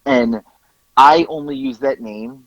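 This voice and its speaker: A man's voice: medium pitch, slow, a bit bright, no room sound. A man hosting a podcast, telling a story with lots of swearing and acting out both sides of a phone call. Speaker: podcast host.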